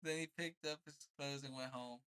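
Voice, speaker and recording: A young man reads a children's storybook on a casual livestream. He narrates plainly and drops into laid-back, slangy asides. His voice sits at an ordinary middle pitch. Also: fairly even intonation, moderate pace, pushed and bright, smooth, poor audio. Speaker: streamer reading aloud.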